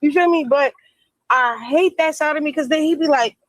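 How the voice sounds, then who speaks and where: A woman's voice: high voice, moderate pace, no echo, rough recording. A woman talking casually on a livestream, rambling and emphatic, often repeating herself. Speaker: interviewee in a played clip.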